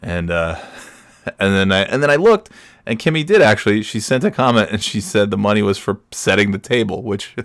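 Low-voiced, rambling podcast host. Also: male voice, lively intonation, fairly quick, no room sound, studio quality. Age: 40s. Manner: rambling, self-amused, chuckles often. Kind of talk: casual storytelling.

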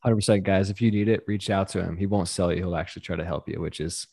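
A man's voice: low voice, fast, creaky, husky. A man hosting a podcast, chatting casually and agreeably with a guest. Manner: relaxed, agreeable, loose filler words. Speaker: podcast host. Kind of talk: casual conversation.

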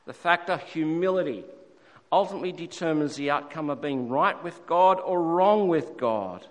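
A man preaching a sermon in a church, slow and emphatic, repeating key words. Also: on the high side, expressive. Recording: echoey hall reverb.

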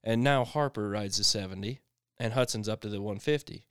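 A middle-aged man co-hosting a podcast, telling a rambling, animated story in casual chat, full of restarts and sound effects, on a close mic. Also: fairly low pitch, fairly quick, smooth, no echo. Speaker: podcast co-host.

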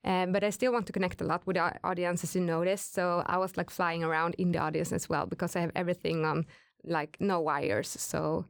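Woman rock singer, lower voice, casual chat, fillers and restarts, dry close sound. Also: a little fast, gravelly, no echo. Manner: relaxed, chatty, many fillers and restarts. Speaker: rock singer, interview guest.

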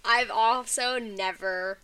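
Chatty woman, bright voice, a little off-mic. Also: fairly high pitch, slow, far from the mic, slight background noise. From not from the US South. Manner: chatty, many "like" fillers. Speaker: podcast co-host. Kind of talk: casual chat.

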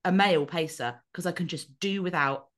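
Podcast co-host: woman, lowish voice, animated and sweary. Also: moderate pace. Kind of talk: casual chat.

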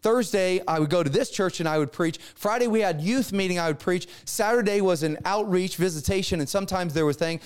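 A middle-aged male pastor telling a story in a sermon, acting out the dialogue with lively energy. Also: sits high, a little fast, hardly any pauses, clean tone.

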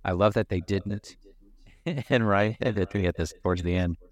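A man's voice: deep voice, normal speed. A man co-hosting a casual podcast about a movie, rambling and joking, swearing freely and laughing often. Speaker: podcast co-host. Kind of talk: casual movie-review chat.

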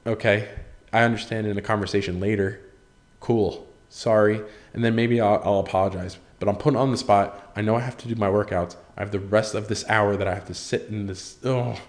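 A man's voice: fairly low pitch, steady tone, fairly quick. A young man hosting a solo podcast, rambling through an awkward story with casual swearing and self-deprecating asides. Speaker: podcast host.

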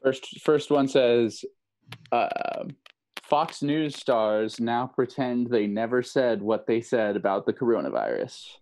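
A man's voice: medium pitch, animated, slow pace, a little mellow, low-quality recording. A man co-hosting a podcast over a video call, chatting casually and reading out headlines for a guessing game. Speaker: podcast co-host.

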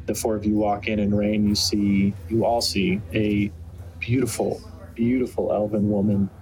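A man's voice: on the low side, level tone, normal speed, darkish tone, soft background music, low-quality recording. A man narrating as game master, rambling with many fillers and restarts.

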